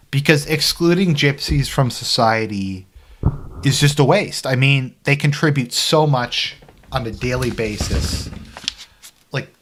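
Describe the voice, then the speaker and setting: Speaking in a medium pitch with a fairly bright tone, this man is a political commentary vlogger. He offers loose, rambling remarks on a news article, packed with filler words and sarcastic jabs.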